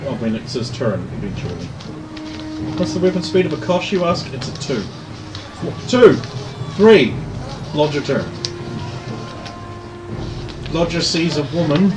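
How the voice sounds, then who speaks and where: A man's voice: on the high side, lively intonation, moderate pace, long pauses. A man narrating a tabletop game as game master, playful and theatrical. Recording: roomy, distant, music behind.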